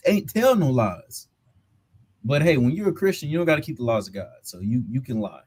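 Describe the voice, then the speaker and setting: A man's voice: mid-range voice, big pitch swings, brisk, a little mellow, breathy edge. A man hosting a live reaction stream, commenting on a debate clip. He laughs often and talks in a loose, mocking way.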